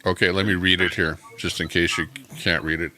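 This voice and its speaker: A man's voice: sits low, little pitch movement, fairly quick, sharp tone, no echo. A man hosting a live stream, chatting casually and reading from the screen. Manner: chatty, reads along from the screen. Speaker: stream host.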